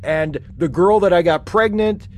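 A man's voice: high voice, moderate pace, darkish tone, close to an everyday voice. A man playing a grieving, frustrated young man who rambles with many fillers in a comedic audio drama.

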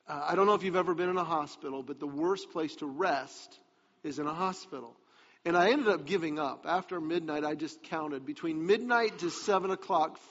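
A man's voice: a little high, fairly bright tone. A man giving a sermon as a pastor, telling a personal story in a confiding way that turns emphatic. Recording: long hall reverb, dull lo-fi sound.

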